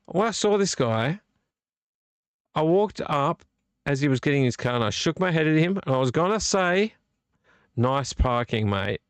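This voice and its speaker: A man's voice: on the high side, expressive, normal speed, smooth, no echo. A man hosting a late-night live vlog, a bit tipsy from beer, rambling and blunt and swearing freely. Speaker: livestream host.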